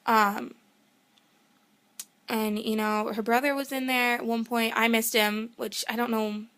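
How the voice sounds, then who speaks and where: A young woman with a slightly high voice tells a long story in a casual vlog. She talks in an excitable, gushing way, rambling and breaking off mid-sentence to start again. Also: a little slow. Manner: excitable, rambling, self-interrupting; gushing fan enthusiasm. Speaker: vlogger.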